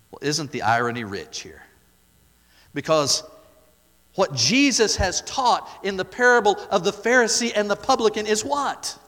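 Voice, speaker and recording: A man preaching a sermon, asking the congregation rhetorical questions and repeating key words for emphasis, swinging from loud to soft. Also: on the high side, long reverb tail. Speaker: pastor.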